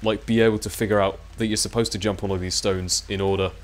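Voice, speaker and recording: A man's voice: fairly low pitch, level tone, fast talker. A young man gives casual, rambling, self-mocking commentary while playing a video game. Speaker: let's play commentator.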